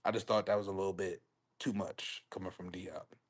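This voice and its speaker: A man's voice: deep voice, steady tone, fairly quick. A young man, hosting a live stream. He talks casually about football, swears freely, and rambles through repeated phrases as he reacts to his chat.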